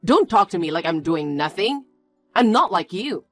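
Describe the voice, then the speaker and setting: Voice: mid-range voice, sing-song, moderate pace, a bit bright, faint music behind. A blunt, defensive young fiancé, voiced in a story. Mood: angry. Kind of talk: scripted story dialogue.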